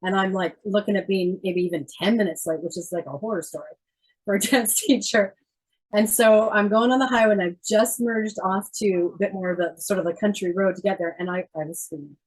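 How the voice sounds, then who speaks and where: A woman's voice: medium pitch, steady tone, fairly quick, darkish tone, husky, rough recording. A woman who teaches dance, a guest telling stories in a casual chat and laughing often.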